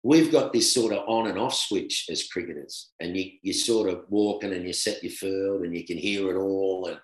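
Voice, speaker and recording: A middle-aged man with an Australian accent, a former cricketer telling stories in a relaxed, animated chat with laughter. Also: sits low, moderate pace. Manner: animated anecdote telling with laughter, swings between loud and hushed. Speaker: guest, former professional cricketer. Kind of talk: casual storytelling chat. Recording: roomy echo.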